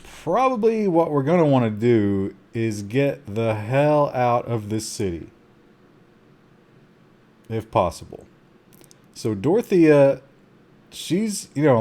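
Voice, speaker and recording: A man streaming a survival game, giving live commentary with excitable gasps between calm asides and talking to his chat. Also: mid-range voice, measured pace. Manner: talks to chat.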